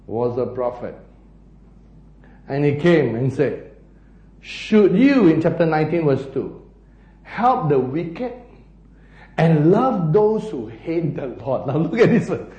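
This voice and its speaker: A man preaching a sermon, animated and often laughing as he acts out the story. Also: mid-range voice, a little slow, pauses often, reverberant, rough recording. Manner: animated, laughing, acting out scenes.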